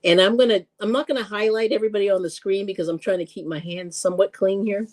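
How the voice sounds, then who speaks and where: A woman hosting a live-stream cooking show, chatting casually, laughing often and greeting viewers with excited squeals. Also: medium pitch, fast.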